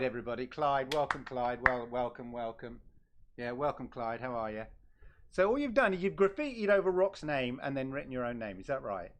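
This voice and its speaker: A man's voice: medium pitch, a bit bright. Male host, casual live-stream chat, playful teasing delivery with stops and restarts. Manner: teasing, halting, with frequent fillers and repeats.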